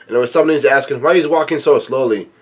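A man with a voice of middling pitch reads a comic chapter aloud in a relaxed, casual way. He keeps breaking off from the text to drop in quick, offhand remarks of his own. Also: slightly rough. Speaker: manga chapter reader and commentator. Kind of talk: casual reading with commentary.

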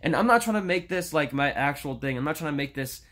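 A man's voice: fairly high pitch, lively intonation, quick pace, a bit bright. A nineteen-year-old man venting in a casual vlog, rambling and frustrated, with restarts and swearing. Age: young adult. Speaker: YouTuber.

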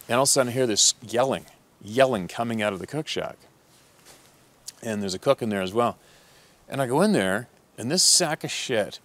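Low-voiced, profane storytelling man. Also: a bit bright. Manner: profane, rambling, emphatic. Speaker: hunting guide. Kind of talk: casual storytelling.

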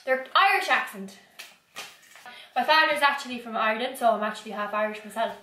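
A woman's voice: fairly high pitch, fairly quick, sharp tone, slight background noise. Chatty young woman in an echoey room. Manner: chatty, teasing, playful. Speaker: fashion haul vlogger. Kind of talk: casual try-on haul chat.

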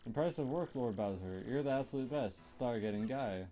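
A man's voice: mid-range voice, fairly quick, mellow, soft background music, lightly acted. A man voicing a fawning, fussy old witch who serves a villain king, during a game playthrough.

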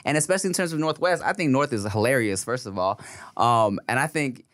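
A man's voice: medium pitch, lively intonation, a little fast, a bit bright. A man hosting a podcast in casual chat, with laid-back, slangy banter and frequent laughter. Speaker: podcast host.

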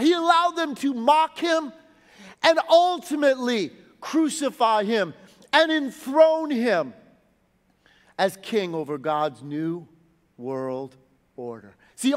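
A man preaching a sermon as pastor, swinging from loud rising lines to low, soft phrase endings. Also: long reverb tail.

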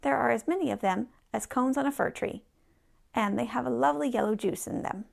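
A man's voice: very high voice, fairly quick, gravelly, exaggerated voice. A man voicing a knowing little chaffinch who explains things, in a read-aloud storybook. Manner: explaining, know-it-all.

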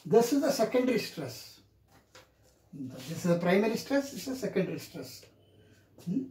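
A man teaching English pronunciation in a classroom lecture, saying each example word several times in a drawn-out, deliberate way. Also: high voice, very animated, warm tone, a little hiss or hum. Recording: echoey room.

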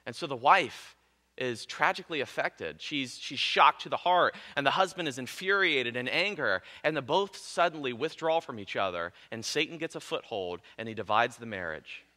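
Animated, bright-voiced male preacher. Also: medium pitch, normal speed. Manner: animated preaching, acts out spouses' inner voices. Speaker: pastor. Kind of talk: sermon.

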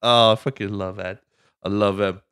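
A man's voice: fairly low pitch, fairly even intonation, normal speed, fairly bright tone, clean tone, no room sound, clean studio sound. A young man hosting a podcast in casual chat, rambling and jokey and swearing freely. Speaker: podcast host.

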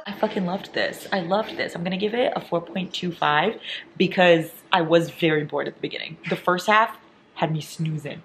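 A woman's voice: sits low, slight background noise. A young woman vlogging about her reading at home, talking casually and dramatically, gushing and swearing as she reacts. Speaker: book vlogger.

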